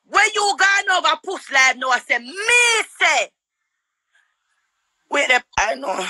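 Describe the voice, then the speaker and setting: A woman with a Jamaican accent shouting and cursing in a heated livestream quarrel. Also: high voice, very animated, no room sound. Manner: shouting, cursing, rapid-fire. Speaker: livestream guest.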